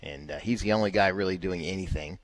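A man's voice: sits low, quick pace. A man co-hosting a golf show on sports radio, laid-back and teasing in casual banter. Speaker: radio co-host. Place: radio studio.

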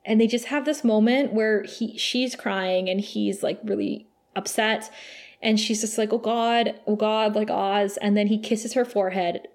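A woman's voice: medium pitch, normal speed. A woman co-hosting a casual podcast, recapping a TV episode in an emotional, gushing way and laughing often. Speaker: podcast co-host.

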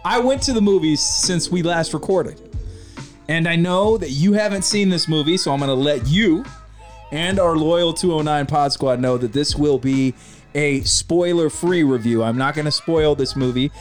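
A man's voice: a little high, moderate pace, soft background music. A man co-hosting a podcast in casual chat, joking, laughing easily and reviewing movies. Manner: jokey, laughs easily, drifts into movie quotes. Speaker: podcast co-host.

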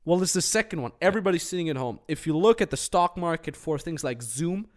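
A man co-hosting a business podcast in casual, energetic chat, with jokey asides. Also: fairly high pitch, quick pace. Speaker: podcast co-host.

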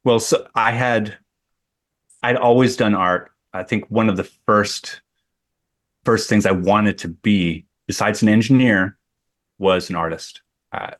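Low-voiced man telling a rambling story. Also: fairly bright tone. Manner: rambling, with many restarts and fillers. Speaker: guest artist. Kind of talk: conversational storytelling.

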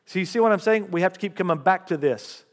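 A man preaching a sermon, reading scripture aloud with rising emphasis and lively call-and-response asides to the congregation. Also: high voice, fast talker. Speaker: pastor. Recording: long hall reverb.

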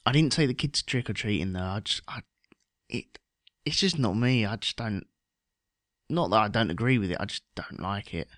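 A man, chatting casually as a podcast co-host in a wry, relaxed way, often trailing off and restarting. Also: on the low side, normal speed, dry recording, studio quality. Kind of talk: casual chat.

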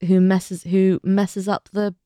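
A woman's voice: mid-range voice, level tone, slow pace, mellow, no echo, studio quality. A woman co-hosting a podcast, chatting casually and explaining plot details. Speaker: podcast co-host. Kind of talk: casual chat.

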